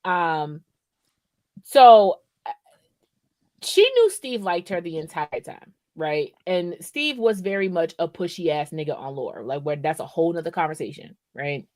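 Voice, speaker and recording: A woman's voice: lowish voice, very animated, measured pace, darkish tone, no room sound. A woman co-hosting a podcast in casual, profane chat, rambling and often checking in with "right?". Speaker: podcast co-host.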